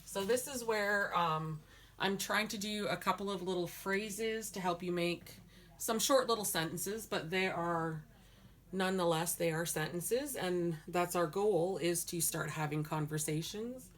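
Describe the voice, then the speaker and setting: A woman's voice: fairly low pitch, unhurried. A woman teaching a language lesson, patiently repeating words syllable by syllable. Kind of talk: slow spoken language lesson.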